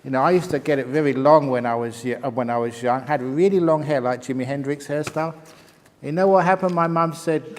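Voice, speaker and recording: A man's voice: on the high side, lively intonation, moderate pace, in a large hall, slight background noise. An older man, a Buddhist monk, answering retreat questions with jokes and laughing at his own punchlines. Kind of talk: humorous Q&A talk. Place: meditation retreat hall.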